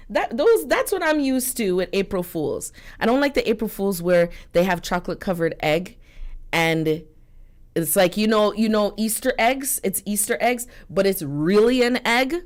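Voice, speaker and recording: Woman radio co-host, animated and indignant storyteller, laughs often. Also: medium pitch, moderate pace. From Canada. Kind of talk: casual radio commentary. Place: radio studio.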